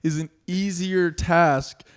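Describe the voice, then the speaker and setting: A man's voice: sits high, steady tone, slow pace, smooth. A man co-hosting a casual comedy podcast, making wry remarks and laughing between them. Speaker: podcast co-host.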